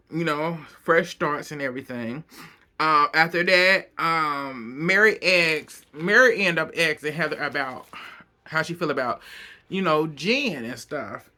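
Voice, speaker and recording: A man casually recapping a reality show, gossipy and quick to laugh. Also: on the high side, sharp tone. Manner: laughs often, loose and gossipy.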